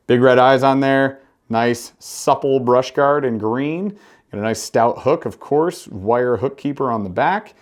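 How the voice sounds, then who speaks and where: A man hosting a fishing channel, chatting casually and excitedly as he reviews lures, full of slang and jokes. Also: mid-range voice. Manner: enthusiastic, slangy, joking.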